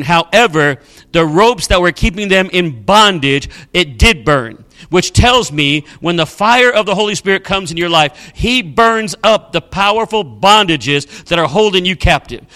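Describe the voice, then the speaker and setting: A man's voice: high-pitched, pushed and bright. A middle-aged male pastor preaching a sermon with emphatic storytelling.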